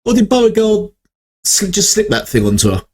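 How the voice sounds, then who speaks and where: A man's voice: high-pitched, big pitch swings, a little fast, a little mellow, husky. A young man hosting a reaction video, rambling and correcting himself as he thinks aloud. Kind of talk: casual reaction commentary.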